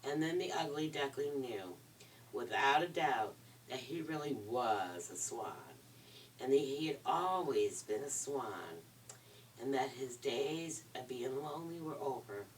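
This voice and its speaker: Woman reading a kids story, really low voice, gentle, faint hiss. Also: expressive, measured pace. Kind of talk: reading a children's story aloud. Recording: distant mic, faint hiss.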